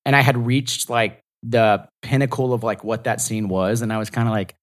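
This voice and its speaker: A man's voice: medium pitch, moderate pace. Rambling man from the South. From the American South. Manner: rambling, full of fillers and restarts. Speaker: actor and podcast guest. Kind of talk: casual interview chat.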